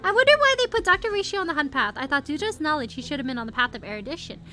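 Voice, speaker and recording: A young woman streaming a video game, reacting with excitable, giggly commentary and frequent laughs. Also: sits high, rapid-fire. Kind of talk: let's-play reaction commentary. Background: game music.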